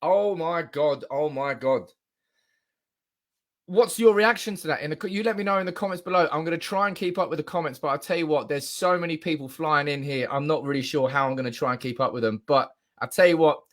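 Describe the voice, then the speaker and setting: A young man hosts a live fan stream, his voice sitting a little high. He is giddy and loud, swearing freely and laughing as he reads viewers' comments aloud into his desk mic. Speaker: fan channel livestream host. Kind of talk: excited live-stream reaction.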